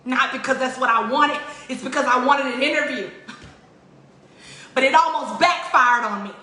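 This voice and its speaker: A woman's voice: sits high, moderate pace, sharp tone. A woman giving an emotional, tearful spoken appeal, pleading in a repetitive preaching cadence. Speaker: religious vlogger. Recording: roomy echo.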